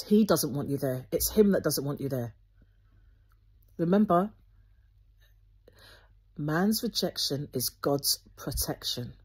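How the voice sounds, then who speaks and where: A woman, speaking earnestly to her viewers with Christian encouragement, gently instructive and often restarting her sentences. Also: low voice, breathy edge. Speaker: Christian video host.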